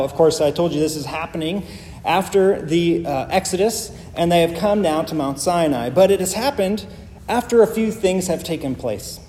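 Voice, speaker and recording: A man's voice: on the high side, mellow, a little hiss or hum. A male pastor preaching a sermon, emphatic and building his points through repeated phrases. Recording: long reverb of a large hall.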